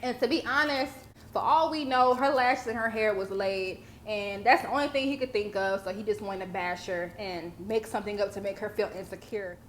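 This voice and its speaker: A woman's voice: mid-range voice, moderate pace, a bit bright, a little hiss or hum. A young woman giving blunt, profane commentary in a casual, sassy way. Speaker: vlogger commentator.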